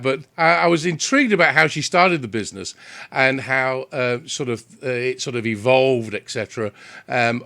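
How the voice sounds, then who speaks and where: A man's voice: mid-range voice, vocal fry, sharp tone. A British man hosting a business interview show, chatty and upbeat, with frequent fillers and restarts. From Britain. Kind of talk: energetic interview chat.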